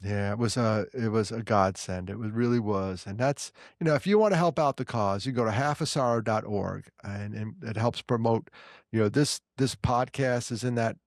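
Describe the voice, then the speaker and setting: A man with a New York accent, co-hosting a podcast and telling stories in casual, animated chat full of quick restarts. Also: fairly low pitch, dry recording, studio quality. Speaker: podcast co-host.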